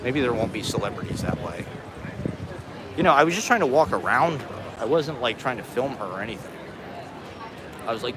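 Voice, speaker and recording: A man's voice: medium pitch, sing-song, brisk, pauses often. A stoned man live streaming from a city street on a phone, rambling and swearing, laughing often. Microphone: phone on a selfie stick. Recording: busy street traffic noise. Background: city traffic.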